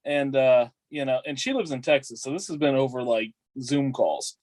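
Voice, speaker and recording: A man's voice: medium pitch, normal speed, darkish tone, dry recording. Playful man, dry close sound. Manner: playful, laid-back. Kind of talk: casual chat.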